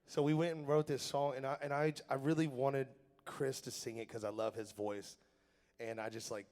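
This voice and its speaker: On a theater stage during a live benefit show, a country singer-songwriter with a darkish, mid-range voice chats and tells rambling stories between songs. He laughs and is self-deprecating. The stage microphone carries live hall reverb and guitar.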